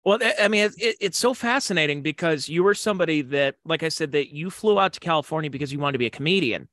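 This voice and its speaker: A man's voice: on the high side, animated, fairly bright tone, dry recording. A man hosting a podcast, asking conversational questions that wander and restart before he lands on them. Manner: conversational, halting lead-in questions. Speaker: podcast host. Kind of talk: interview questions.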